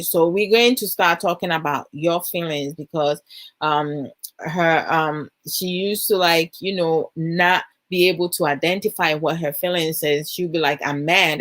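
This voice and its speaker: A woman's voice: low-pitched, fairly bright tone, dry recording. A Ghanaian woman, a mother, telling a parenting story in a casual, chatty way, full of fillers like "you know" and "I'm like", and acting out her own questions in a raised voice. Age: adult mother of a young child. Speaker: host sharing parenting advice.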